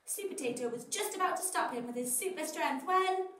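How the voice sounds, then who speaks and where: A woman reads a children's bedtime story aloud with lively, dramatic expression. Her voice sits high and sounds a little distant in an echoey room, with faint background noise behind it. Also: a little fast.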